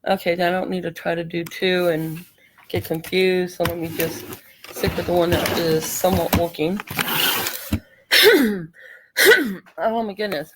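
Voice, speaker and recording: A woman's voice: fairly low pitch, fairly even intonation, a little slow, long pauses, noisy background. A middle-aged woman chats her way through a casual craft tutorial livestream. She is a little out of breath from allergies and keeps apologizing for it. Her talk is loose and friendly, with easy laughs between steps. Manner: chatty, apologetic, laughs easily.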